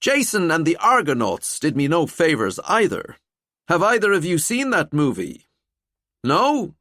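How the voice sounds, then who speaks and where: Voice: medium pitch, a little slow, no room sound, clean studio sound, pitched above the performer's own voice. A man voicing a wry skeleton detective. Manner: wry, chatty, calm. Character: living skeleton detective, dry wit.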